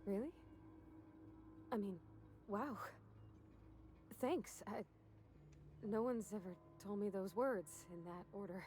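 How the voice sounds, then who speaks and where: A woman's voice: medium pitch, takes it slowly, long pauses, a little hiss or hum, natural voice. A woman voicing a shy, earnest young game mechanic. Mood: sheepish. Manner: apologetic, rambling, soft-spoken. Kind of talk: video game character dialogue.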